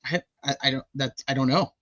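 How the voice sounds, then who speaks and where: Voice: medium pitch, fairly even intonation, a little fast, a bit bright. A co-host chatting casually on a livestream in a laid-back, matter-of-fact way. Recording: dull lo-fi audio.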